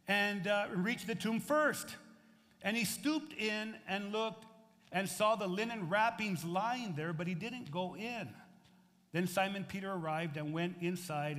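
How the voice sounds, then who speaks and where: A middle-aged man from the United States preaching a sermon to his congregation, animated and conversational, swinging between loud emphatic phrases and quiet asides. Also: sits high. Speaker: pastor. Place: church sanctuary. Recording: reverberant hall.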